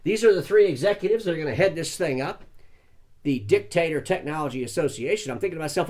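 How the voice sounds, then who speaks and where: An older man delivers a satirical news monologue with folksy, mock-earnest asides. His voice sits a little high for a man and swings widely up and down as he talks. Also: animated, fast, a little mellow.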